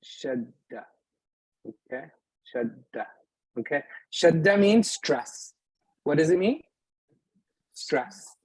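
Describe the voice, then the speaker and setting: Man, classroom teacher, patient, husky voice, dry close sound. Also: on the high side, lively intonation, slow pace, long pauses, dry recording, poor audio. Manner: patient, checks often with students. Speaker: Arabic teacher. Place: mosque classroom.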